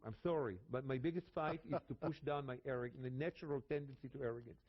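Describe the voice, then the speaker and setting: An Israeli man, a native Hebrew speaker with an Israeli accent, teaches about the Bible dramatically, repeating phrases for emphasis. His voice is mid-range and quick, and the recording has its highs cut off.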